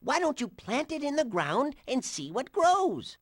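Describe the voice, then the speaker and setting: A man's voice: very high-pitched, wildly swooping pitch, a little slow, exaggerated voice. A man voicing an absent-minded male professor in a video game, rambling and correcting himself as he explains. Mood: cheerful.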